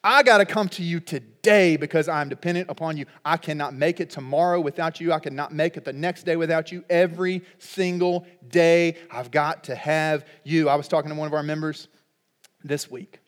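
Middle-aged man, high pitch, pastor preaching; chatty and humorous, with sudden emphatic outbursts. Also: fairly even intonation, moderate pace, big-room sound. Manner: conversational, humorous, with sudden loud emphatic peaks. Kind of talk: sermon.

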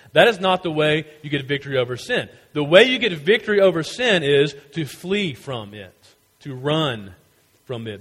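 Urgent, high-voiced preaching man in a hall. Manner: emphatic, urgent preaching with repeated refrains. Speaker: pastor. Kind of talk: sermon.

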